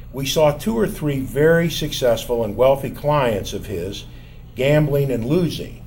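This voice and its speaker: An older man telling a personal story from his college years in a measured, wry, self-mocking way. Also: mid-range voice, darkish tone, a little hiss or hum.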